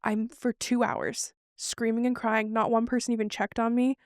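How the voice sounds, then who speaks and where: A podcast co-host speaks at a normal pace in a slightly high, clear, resonant voice, captured in clean studio sound with no room sound. Chatting casually, she tells a personal story with animation and acts out what others said to her.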